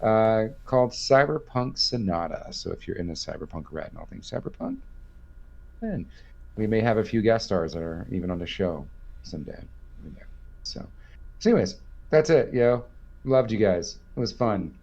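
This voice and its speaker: Man, rambling casual chat, gravelly, dull lo-fi call audio. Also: fairly low pitch, very animated, normal speed, a little mellow. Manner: rambling, laid-back, many ums. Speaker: player. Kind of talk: casual chat about a tabletop game.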